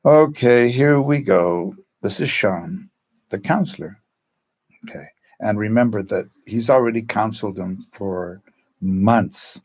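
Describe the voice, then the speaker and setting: A man who teaches drama, telling rambling stories in a halting way and acting out quotes in changed voices. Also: on the low side, darkish tone, dull audio. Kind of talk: storytelling, casual talk.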